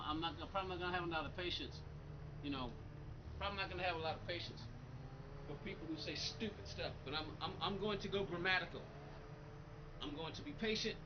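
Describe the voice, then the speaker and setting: A man with a high voice live-streams a racing game, bluntly and with exasperation talking back to his viewers' comments. The audio has its highs cut off and a noisy background.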